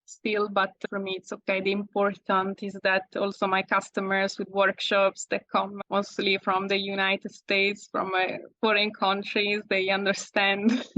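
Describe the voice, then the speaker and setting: An Italian woman answering interview questions in English as a second language, pausing often and restarting her phrases. Her pitch barely moves, keeping an even, level line. The recording is dry, with no room sound. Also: no room sound, low-quality recording. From Italy. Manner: halting non-native English with frequent fillers and self-corrections. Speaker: guest landscape photographer. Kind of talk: casual interview.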